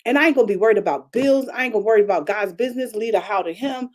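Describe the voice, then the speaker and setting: A woman pastor preaching a conversational broadcast sermon, chatty and animated, repeating phrases and calling out to her congregation. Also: fairly high pitch, very fast. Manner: chatty, repetitive, calls out to the congregation; animated preaching with frequent restarts.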